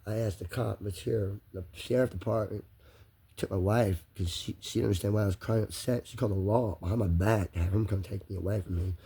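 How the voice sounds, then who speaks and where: A man's voice: on the low side, fairly even intonation, a little fast, dark tone, slightly rough. A man talking straight to the camera in a rambling personal monologue, circling back on the same phrases again and again.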